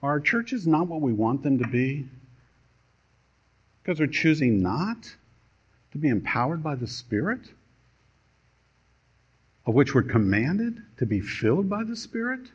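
A man pastor preaching a sermon, telling a story with dramatic pauses and a storytelling delivery. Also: fairly high pitch, big pitch swings, slightly rough. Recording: dull lo-fi sermon recording.

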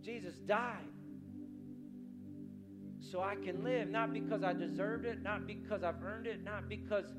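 A middle-aged man preaching a sermon, telling a story with feeling and repeating words in quick bursts. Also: high voice, fairly even intonation. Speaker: pastor. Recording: music playing behind.

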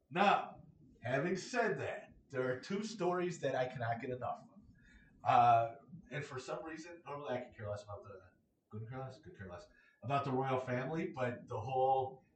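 A man's voice: mid-range voice, expressive, normal speed, a little hiss or hum. Middle-aged man, solo host, rambling jokey monologue, roomy echo, sits back from the mic. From United States. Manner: rambling, joking, opinionated. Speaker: podcast host. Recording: echoey room, mic at a distance.

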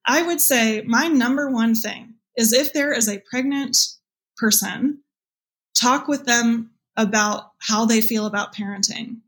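An earnest woman answers an interviewer's questions in a reflective, open way. Her voice sits a little high. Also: unhurried, fairly bright tone. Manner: earnest, reflective, quotes her own past thoughts. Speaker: guest, birth mother and support group leader.

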